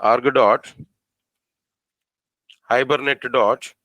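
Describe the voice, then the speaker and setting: Male coding instructor, mid-pitched, talks through code step by step with lots of questions to the class, dry sound. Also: steady tone, fairly bright tone, no room sound, low-quality recording. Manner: repetitive, asks the class questions, spells out code slowly. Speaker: programming teacher. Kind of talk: live coding lesson.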